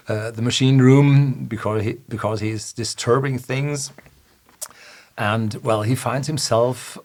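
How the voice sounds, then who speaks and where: Slow husky man. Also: mid-range voice. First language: German. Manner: hesitant, many uh fillers and self-corrections, chuckles often. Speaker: whisky reviewer. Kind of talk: casual retelling of a film scene.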